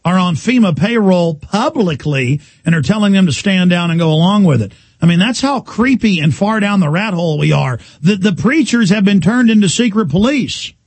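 A man hosting a talk radio show, ranting loudly and combatively with sarcasm. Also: high voice, animated, moderate pace, hardly any pauses, breathy edge, no echo.

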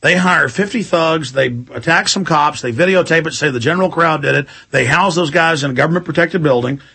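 Gravelly, bright-voiced man ranting on talk radio. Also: a little high, brisk. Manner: rambling, emphatic, repeats himself, mimics voices. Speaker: radio talk show host. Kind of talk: heated talk radio commentary.

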